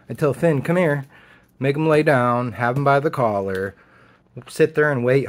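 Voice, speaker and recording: A man of medium pitch tells a story to camera in a relaxed, blunt way. He talks casually and swears freely. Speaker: vlogger.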